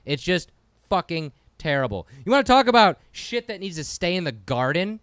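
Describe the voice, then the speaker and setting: Ranting man, resonant and very animated. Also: high voice, normal speed, clean tone, no echo, clean studio sound. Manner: exasperated, swearing, ranting. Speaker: podcast co-host. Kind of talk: casual comedic rant.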